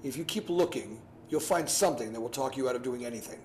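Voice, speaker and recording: A man giving casual advice to a class over a video call, animated and repetitive, often acting out his own past thoughts. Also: medium pitch, fast. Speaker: guest speaker. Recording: echoey room, faint noise.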